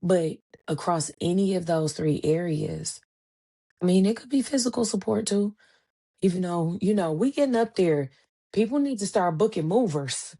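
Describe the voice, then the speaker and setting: Warm, lower-voiced woman podcast host. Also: slightly rough. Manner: animated storytelling, acts out quoted dialogue; conversational, colloquial phrasing. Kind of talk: casual solo podcast talk.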